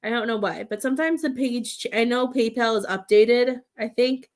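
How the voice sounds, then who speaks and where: A woman giving a live psychic reading, rambling with halting restarts and calling her sitters "love.". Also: on the high side. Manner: affectionate terms for sitters. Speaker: psychic medium.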